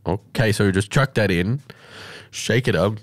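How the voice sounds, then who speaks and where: A man with an Australian accent co-hosting a casual radio show, joking and teasing his partner. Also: lowish voice. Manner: joking, teasing, quick asides. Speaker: radio co-host.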